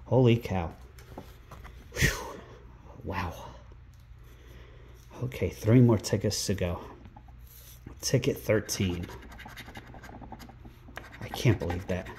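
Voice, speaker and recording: A man narrates his scratch-ticket vlog from indoors at a rental home, calling out each number at an unhurried, drawn-out pace. His voice is mellow and soft-edged, and he breaks into excited exclamations. A faint hiss of noise sits behind him. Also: low voice. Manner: calls out numbers one by one, bursts into excited exclamations. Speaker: scratch-ticket channel host.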